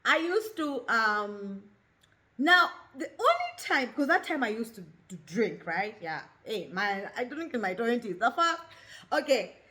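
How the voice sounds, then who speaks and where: A woman's voice: on the high side, very animated, a little slow, bright, forceful tone. A Kenyan woman in her thirties hosting a talk show, speaking openly and expressively, mixing English with Swahili. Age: 30s. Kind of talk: candid personal monologue.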